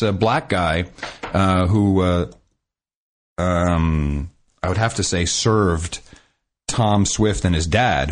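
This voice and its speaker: Low-voiced man in rambling casual chat. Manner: rambling, restarts sentences, laughs often. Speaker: podcast co-host.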